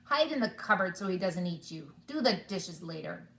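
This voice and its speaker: A woman voicing a sharp-tongued giantess who scolds and gives orders in a storybook reading. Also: on the low side, sing-song. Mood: bossy. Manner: brisk and scolding.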